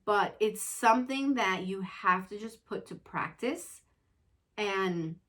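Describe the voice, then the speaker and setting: An earnest woman in casual, reflective conversation, sharing her thoughts on motherhood. She talks in a loose, unscripted way, sometimes quiet and sometimes lively, and keeps checking in with the listener. Her pitch sits in an ordinary middle range. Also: takes it slowly. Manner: conversational, earnest, self-reflective, leans on "you know". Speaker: mother and show host.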